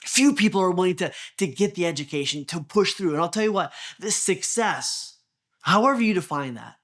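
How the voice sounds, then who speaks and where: A man's voice: high-pitched, expressive, fairly quick, fairly bright tone. A man coaching real estate agents in a motivational talk, earnest, often repeating words and asking the listener questions. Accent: Texan. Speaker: business coach.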